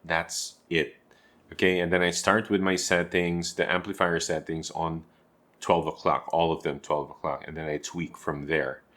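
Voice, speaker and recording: Male guitarist, low voice, relaxed home-room tutorial delivery, talks the viewer through it step by step. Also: moderate pace. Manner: chatty, explains step by step with asides to the viewer. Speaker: guitarist and teacher.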